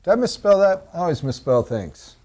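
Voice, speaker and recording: A man leading a sales training session, telling stories and dropping to a hushed, dramatic tone for emphasis. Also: sits high, very animated, fairly quick.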